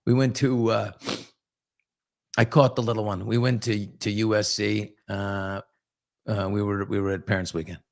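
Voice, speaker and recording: A man's voice: lowish voice, little pitch movement, normal speed, creaky. A man in his fifties hosting a casual live chat, reading viewer comments and telling candid, rambling stories. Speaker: host.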